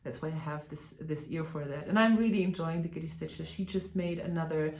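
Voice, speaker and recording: A woman from Germany, a native German speaker, hosts a casual stitching vlog with a slightly low voice. She talks in a chatty, hesitant way, full of fillers and restarts. The room around her is echoey. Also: a little fast, darkish tone. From Germany (Hanover). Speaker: flosstube host. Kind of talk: casual chat to camera.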